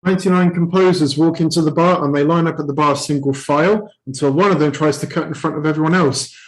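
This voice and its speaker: A man in an online improv game, telling pun jokes in an even, matter-of-fact way over a video call. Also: on the high side, fast, rough recording. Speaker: improv player.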